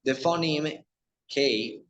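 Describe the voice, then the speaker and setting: A man with a Spanish accent, a native Spanish speaker, teaching English pronunciation in a halting lecture with many restarts. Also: a little high, muffled recording.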